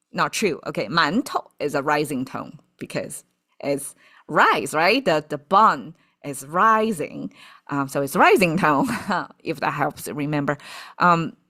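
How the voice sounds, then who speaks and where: A woman explains characters in an unhurried, thinking-aloud lesson. Her pitch sits a little low but moves a lot, and she keeps checking in with her listeners. She takes her time over each point. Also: fairly bright tone. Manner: thinks aloud, frequent "okay" and "right" checks, laughs at own theories. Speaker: Chinese vocabulary teacher.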